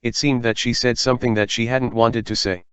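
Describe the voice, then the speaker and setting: A man narrating an audiobook in a steady, even reading manner. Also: medium pitch, fairly quick, clear, resonant tone, no echo.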